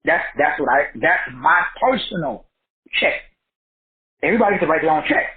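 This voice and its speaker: A high-pitched man whose voice swings up and down as he preaches his lesson to a group call. He talks folksy and emphatic, throws out rhetorical questions and repeats himself for effect. The audio is thin and tinny, like a phone line. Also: expressive, normal speed. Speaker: teacher hosting a credit class.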